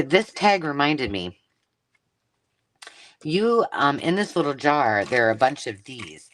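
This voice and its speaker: Woman host for a live craft unboxing: gushing, chatty, very animated pitch. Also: slow. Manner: gushing and effusive, chatty asides. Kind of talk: casual live-stream chat, unboxing mail.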